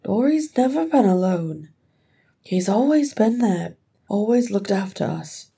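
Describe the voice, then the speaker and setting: A woman's voice: medium pitch, steady tone, moderate pace, creaky, dark tone, breathy edge. A woman voicing a young male dwarf, the earnest, tearful youngest brother, with a raised, pleading voice. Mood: mournful.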